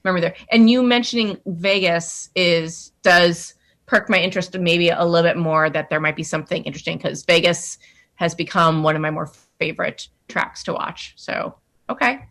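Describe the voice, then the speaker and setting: A woman guest on a casual podcast who talks in an animated, self-deprecating way. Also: on the low side, normal speed. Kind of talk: casual chat.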